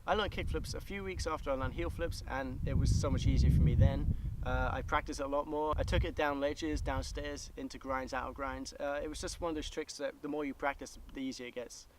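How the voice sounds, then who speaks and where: A man's voice: mid-range voice, low-quality recording. A young man vlogging casually about skateboard tricks, chatty and loose with lots of fillers. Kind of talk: casual tutorial talk. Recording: outdoor recording with loud background noise.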